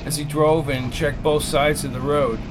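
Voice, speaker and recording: Steady male audiobook narrator. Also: a little high, normal speed, background noise. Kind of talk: scripted narration.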